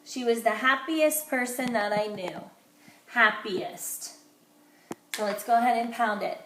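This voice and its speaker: A woman teaching phonics to young children, her fairly high voice slowing down to sound out each letter and syllable with care. She is recorded in an echoey room. A faint hiss runs under her voice. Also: a bit bright.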